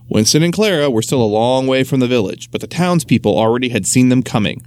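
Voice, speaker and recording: A man reading a children's story aloud in an expressive, storytelling manner. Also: mid-range voice, quick pace, few pauses.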